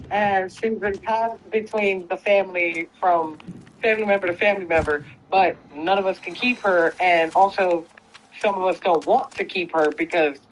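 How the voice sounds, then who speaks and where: A woman gaming streamer casually retelling a story while she plays, animated and full of swearing and acted quotes. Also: lowish voice, a little hiss or hum, poor audio.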